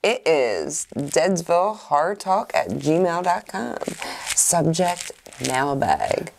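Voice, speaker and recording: A woman's voice: low-pitched, very animated, slow pace, creaky, a little hiss or hum. A woman co-hosting a horror podcast in casual chat, teasing and trading short replies. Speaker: podcast co-host.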